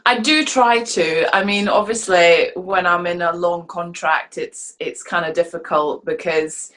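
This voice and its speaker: A woman from Scotland with a softened Scottish accent, chatting casually as an interview guest over a video call, laughing often and restarting her sentences. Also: on the low side, fairly even intonation, measured pace. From Scotland (Fife). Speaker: interview guest, stage actress.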